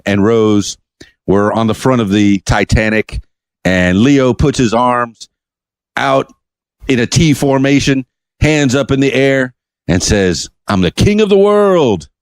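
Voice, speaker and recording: A man hosting his own podcast alone, talking in a chatty, jokey, animated way. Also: on the low side, smooth, dry recording. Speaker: podcast host. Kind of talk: solo podcast monologue.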